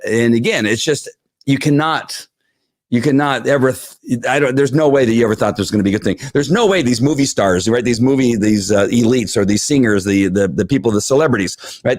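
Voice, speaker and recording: An exasperated man hosts a live political commentary stream from home, rambling and often restarting his sentences as he reacts to viewer comments. His voice sits in an ordinary middle pitch. The sound is dry and close, with no room around it. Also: no echo. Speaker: host of a live political talk show.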